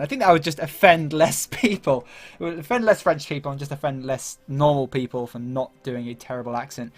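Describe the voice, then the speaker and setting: Chatty man narrating strategy gameplay. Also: fairly high pitch. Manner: chatty, laughs at himself, thinks aloud with many fillers. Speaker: gaming YouTuber. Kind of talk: casual gameplay commentary.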